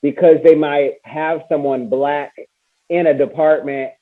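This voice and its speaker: A man's voice: fairly high pitch, steady tone, measured pace. Man host on a tinny phone line. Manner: rambling questions full of fillers. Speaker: podcast host. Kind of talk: interview questions.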